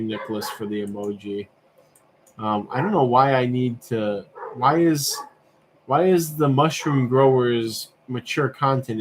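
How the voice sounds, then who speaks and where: With a bit of hiss or hum in the background, a man hosting a livestream talks in a mid-range voice. He browses while musing aloud in a loose, rambling way, asking himself questions and dropping fillers.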